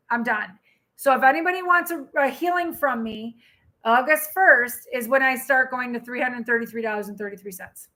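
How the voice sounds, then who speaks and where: A woman tarot reader hosts a live stream, talking in a lively, chatty way and answering her viewers as she goes. Her voice sits high and sounds bright and forceful. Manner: chatty and animated, reads out and answers viewer comments.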